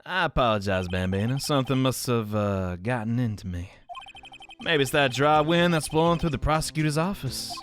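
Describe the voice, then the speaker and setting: A man's voice: mid-range voice, expressive, normal speed, a little hiss or hum, natural voice. A man voicing a swaggering cowboy lawman in a put-on cowboy drawl, teasing and calling everyone partner. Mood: smug. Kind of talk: voicing game dialogue.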